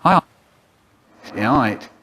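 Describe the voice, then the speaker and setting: Man in his 70s, comic storyteller, theatrical, big pitch swings. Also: extremely slow, breathy edge. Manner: theatrical, lively, swoops between silly voices. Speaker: children's poet performer. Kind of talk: animated storytelling, chopped into a remix.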